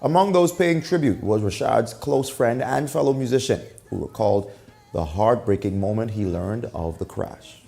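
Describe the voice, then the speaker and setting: A man from the Bahamas reading the evening news as anchor, in a steady, formal delivery. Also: medium pitch, moderate pace, gravelly.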